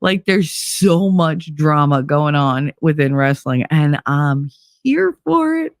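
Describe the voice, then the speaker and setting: A woman's voice: low voice, slow, no room sound, studio quality. A woman hosting a podcast, talking casually and candidly in a monologue with plenty of swearing. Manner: candid, animated, swears freely. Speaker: podcast host.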